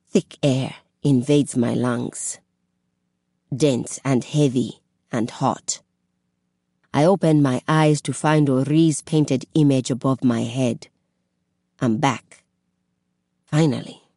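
Slow, low-voiced woman audiobook narrator. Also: dark tone, dry recording, clean studio sound. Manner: measured, dramatic. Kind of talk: first-person audiobook narration.

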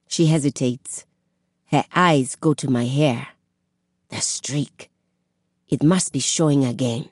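A woman narrating a first-person story as an audiobook, in a measured, dramatic way. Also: extremely low pitch, steady tone, a little mellow, dry recording, clean studio sound.

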